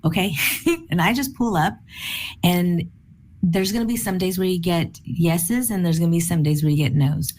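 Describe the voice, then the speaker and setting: A woman teaching a sales training session in a lively, enthusiastic, bubbly way, often with a laugh. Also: on the low side.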